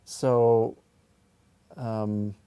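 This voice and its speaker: A man's voice: fairly low pitch, little pitch movement, drawn-out words, warm tone, clear, resonant tone, dry recording. A man, a composer and music theorist, thoughtfully explaining ideas about sound in an interview in his office. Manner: thoughtful, musing, explains with sung sound examples.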